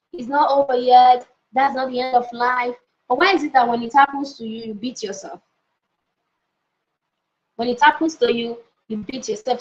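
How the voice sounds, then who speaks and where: A woman pastor giving a motivational teaching session, emphatic, often repeating key phrases and checking in with her listeners. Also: high-pitched. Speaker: pastor and life coach. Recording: dull lo-fi audio.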